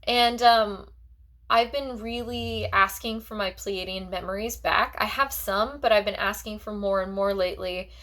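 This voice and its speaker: A woman's voice: mid-range voice, steady tone, normal speed, a bit bright. A woman talking as a psychic in a personal vlog monologue. She rambles in a heartfelt way and fills her talk with "like" and restarts.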